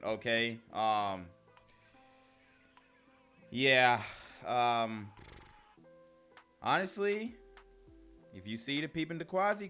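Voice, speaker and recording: Slow, bright-voiced young man reacting. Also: on the high side. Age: young adult. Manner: laughing, slangy and loose. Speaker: commentary host. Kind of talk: casual reaction commentary.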